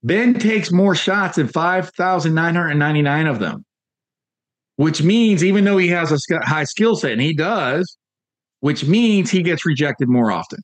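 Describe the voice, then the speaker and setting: A man's voice: a little high, expressive, moderate pace, no room sound. A man coaching real estate agents in a casual motivational talk, telling stories with lots of fillers and repeated phrases. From Northern Virginia, USA.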